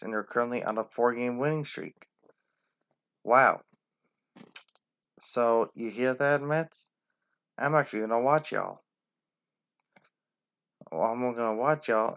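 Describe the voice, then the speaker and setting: A man's voice: medium pitch, normal speed, pauses often, fairly bright tone, smooth, lo-fi sound. A man giving casual, opinionated rankings commentary and talking straight to the teams. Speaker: sports commentator.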